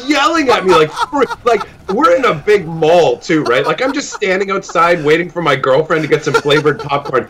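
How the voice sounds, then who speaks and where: A man from Canada, a guest on a live stream, telling stories in an animated, casual chat. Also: normal speed, few pauses, background noise. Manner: animated, jumps up high when telling stories.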